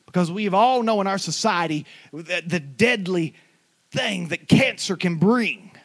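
A man preaching a sermon with passion, building into shouts. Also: fairly high pitch, breathy edge. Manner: impassioned preaching that swells into shouts.

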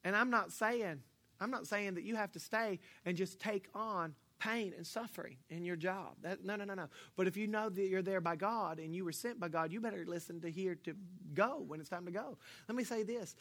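A man pastor preaching a sermon, telling a personal story with jokes and swinging between hushed and loud delivery. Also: high-pitched, brisk. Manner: animated, joking storyteller, swings from quiet to loud.

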